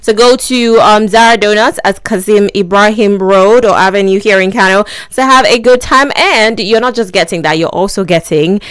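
A young woman hosting a call-in radio show, talking in a brash, teasing, energetic way. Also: medium pitch, moderate pace, few pauses, clear, resonant tone, no room sound. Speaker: radio host. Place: radio studio. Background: faint music.

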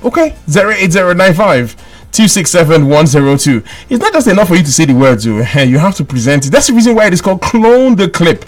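A Nigerian man runs a radio call-in game from the studio, lively and teasing as he chats with callers. His voice sits a little high for a man. Faint music plays behind him. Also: fast talker. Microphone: studio microphone.

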